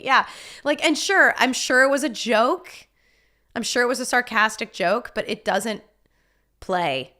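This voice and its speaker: A woman streamer reacts casually to a news video, blunt and exasperated, swearing and laughing between her points. Her voice is mid-range with a sharp tone.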